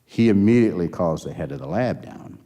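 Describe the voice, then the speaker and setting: Speaking briskly in a deep, warm voice with lively intonation, a former health system executive, now older, recounts a long anecdote during an interview. He wanders through it and performs the quoted dialogue.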